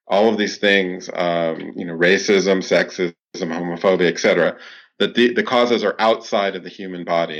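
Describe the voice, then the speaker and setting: A man, a clinical psychologist, answering interview questions in a steady explanatory way, with frequent "you know" fillers. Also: deep voice, lo-fi sound.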